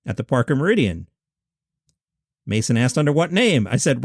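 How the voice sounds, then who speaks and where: Animated man retelling comedy stories. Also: medium pitch, moderate pace, no room sound, clean studio sound. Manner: animated storytelling, acting out quoted voices. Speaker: podcast host.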